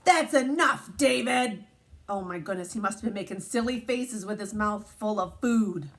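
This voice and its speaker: Animated woman reading a picture book to kids. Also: medium pitch, normal speed. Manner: animated, asks the children questions. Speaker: teacher.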